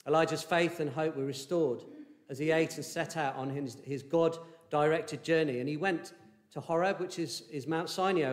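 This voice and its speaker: Earnest preaching man in an echoey room. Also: a little high. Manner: earnest, measured preaching with fillers and restarts. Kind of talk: sermon.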